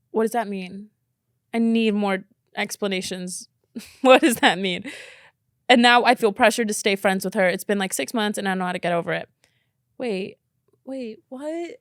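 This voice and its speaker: A young woman hosting a podcast, reading out listener stories in casual chat and reacting with incredulous, animated asides. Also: medium pitch, no room sound, clean studio sound. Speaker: podcast host.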